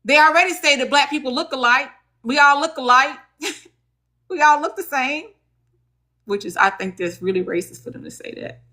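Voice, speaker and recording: A woman's voice: high-pitched, moderate pace, long pauses, sharp tone. A woman with a Southern US accent hosting a casual livestream about legal advocacy, chatty and folksy, talking straight to her viewers.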